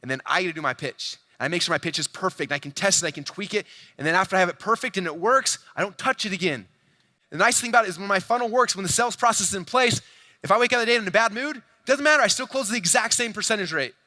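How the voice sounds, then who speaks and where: A fast-talking salesman works a big crowd from the stage, lively and playful, often speaking straight to listeners. His voice is high, and it sounds close and dry even in the large hall.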